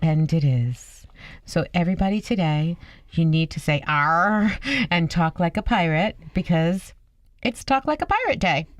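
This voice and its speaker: A woman's voice: on the low side, expressive, moderate pace, a little mellow, no echo. A woman co-hosting a radio show, chatty and giggly in casual banter.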